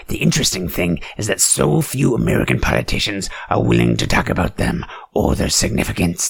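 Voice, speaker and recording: Gravelly sarcastic male commentator, wildly swinging pitch. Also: wildly swooping pitch, fairly quick, few pauses. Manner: sarcastic, breaks into shouted outbursts. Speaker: satirical commentator. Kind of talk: mock-serious reading with ranting asides.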